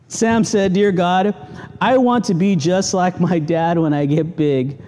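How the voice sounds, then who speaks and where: A middle-aged man, a pastor, preaching a sermon in a church and telling stories with sudden animated outbursts. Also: high voice. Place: church sanctuary.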